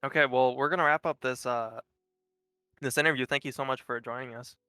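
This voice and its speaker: A man with a bright, crisp voice gives upbeat, analytical game commentary. The sound is dry and close on a headset, with faint music underneath. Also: mid-range voice, steady tone, a little fast, no echo. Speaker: esports co-caster. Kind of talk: post-game analysis chat.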